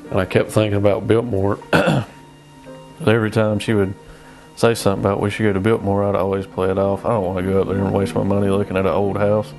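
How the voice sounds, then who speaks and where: Quiet, very deep-voiced man. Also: flat delivery, fast talker, vocal fry. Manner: quiet, plain-spoken. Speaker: groom interviewed about proposing. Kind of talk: interview. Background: guitar music.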